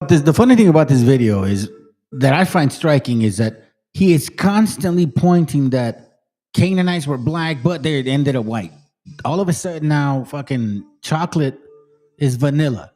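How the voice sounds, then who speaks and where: A man in his late forties giving a profane, animated commentary as a channel host, often quoting and mocking others. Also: on the high side, moderate pace, faint music behind. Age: 40s. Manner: animated, swears a lot, mocks and quotes others. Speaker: channel host reacting to videos.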